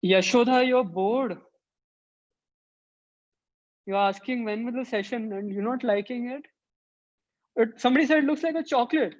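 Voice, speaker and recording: A woman's voice: on the high side, moderate pace, long pauses, dull audio. A woman who teaches an online drawing workshop for children and thinks aloud as she sketches. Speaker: art teacher.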